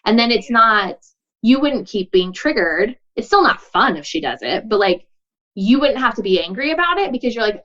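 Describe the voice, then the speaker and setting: A woman's voice: fairly high pitch, very animated, moderate pace, fairly bright tone, lo-fi sound. A woman guest on a podcast giving earnest, casual advice, with lots of likes and you knows, acting out bits of dialogue. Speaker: podcast guest, boundaries coach.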